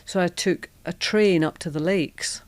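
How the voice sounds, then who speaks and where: A woman's voice: lowish voice, measured pace, dry recording. Middle-aged Scottish woman, podcast guest, frank and chatty storyteller, dry close sound. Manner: frank, self-deprecating, chatty anecdotes. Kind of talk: candid conversational storytelling.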